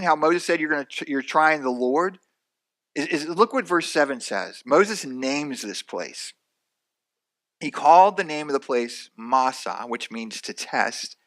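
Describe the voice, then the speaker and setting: A man's voice: a little high, a bit bright. A man preaching a sermon in a conversational way, often repeating words and acting out the voices of the people he describes. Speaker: pastor.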